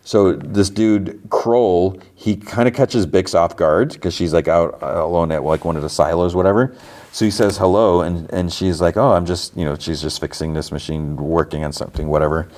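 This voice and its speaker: A man's voice: low voice, moderate pace, a little mellow. A man hosting a podcast, casually recapping TV episodes in a rambling way with lots of filler "like". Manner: rambling, heavy use of filler "like". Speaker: podcast host.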